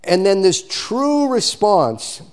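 Pastor guy giving a sermon, kinda high voice, gets real quiet then really loud. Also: very animated, slow. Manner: swings from hushed to loud, emphatic preaching.

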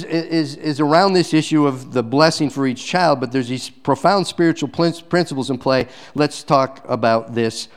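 His voice sits on the higher side, with lively intonation, a moderate pace and few pauses. The male pastor's sermon swings from loud emphasis to quiet intensity as he throws rhetorical questions at the congregation.

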